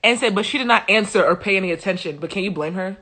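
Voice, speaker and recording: A woman hosting a live stream, joking her way through a Bible story. She talks in an animated, slangy way and swings between loud and soft. Her voice is bright. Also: medium pitch, quick pace. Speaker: host.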